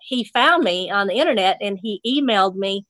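A woman's voice: mid-range voice, lively intonation, normal speed, fairly bright tone. Chatty woman telling a story. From Nashville, Tennessee. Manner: chatty, laughs often, acts out quoted voices. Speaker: fly fishing instructor and guest. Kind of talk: casual storytelling.

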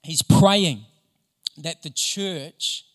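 Male pastor, lively storyteller, slightly high voice, big reverberant hall. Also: very slow. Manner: animated, enthusiastic storyteller. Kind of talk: sermon with storytelling.

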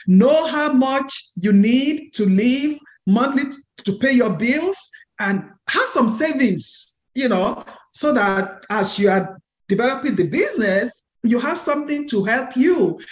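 A woman hosting an interview podcast, talking in an emphatic, encouraging way. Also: fairly high pitch. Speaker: podcast host.

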